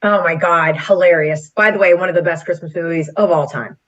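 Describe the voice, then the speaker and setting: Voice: medium pitch, steady tone, a little fast, a bit bright, muffled recording. A talk show co-host chatting casually and backing the host up with frequent affirmations.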